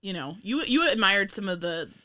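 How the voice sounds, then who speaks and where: A woman's voice: medium pitch, expressive, moderate pace, bright, forceful tone. A woman from New York co-hosting a casual podcast chat, talking loosely with lots of laughter and casual swearing. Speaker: podcast co-host.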